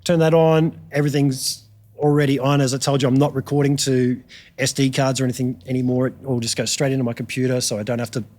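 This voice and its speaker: A middle-aged Australian man, a guitarist guest telling frank, animated stories in a casual chat. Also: mid-range voice, quick pace. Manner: animated storyteller, frank and chatty.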